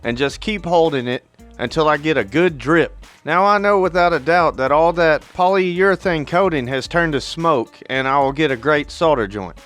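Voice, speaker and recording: A man from northern Alabama with a notably high voice talks through a DIY guitar pickup build. His explanations are plainspoken and matter-of-fact. Soft music plays faintly underneath. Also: smooth. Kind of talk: voice-over build narration.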